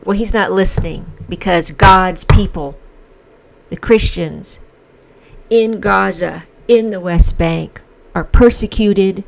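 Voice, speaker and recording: A woman's voice: medium pitch, slow pace, vocal fry. A woman giving an emotional, indignant opinion monologue as the host of a commentary channel. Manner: impassioned, indignant, emphatic. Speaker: commentary vlogger.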